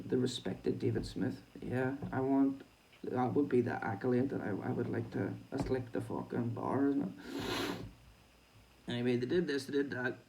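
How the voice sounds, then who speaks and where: Gravelly man, off-mic. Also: medium pitch, darkish tone, distant mic, low-quality recording. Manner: swearing, chatty, laughing asides. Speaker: boxing show host. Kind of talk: reading news aloud with casual commentary.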